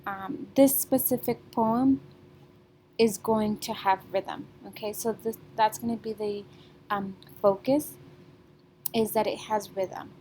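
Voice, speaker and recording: A young woman teaching a recorded reading lesson, her voice mellow and soft-edged. She talks in a patient, sing-song classroom way, checking in often with her students. A faint low rumble sits behind her.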